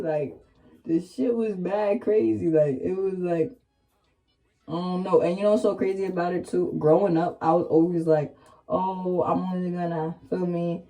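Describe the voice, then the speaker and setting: A woman's voice: mid-range voice, normal speed, creaky, faint music behind. Slangy young woman telling a story. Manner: slangy and candid, fillers and rising excitement. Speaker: vlogger. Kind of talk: casual storytime chat.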